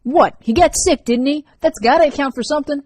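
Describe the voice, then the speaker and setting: A woman reading an audiobook, voicing a brash teenage boy who is excited, crude and loud. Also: high-pitched, a little fast, pitched above the performer's own voice, lightly acted. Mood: defensive.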